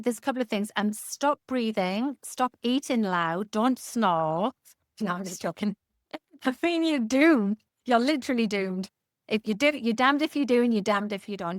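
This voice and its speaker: A woman's voice: mid-range voice, dry recording, studio quality. A woman in her fifties, a guest expert in a casual podcast interview, talking candidly with jokes and casual swearing.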